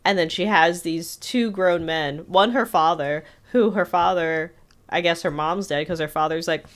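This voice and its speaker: Lower-pitched woman chatting about a film. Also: normal speed. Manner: animated retelling with acted-out quotes. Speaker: podcast co-host. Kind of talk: casual film discussion.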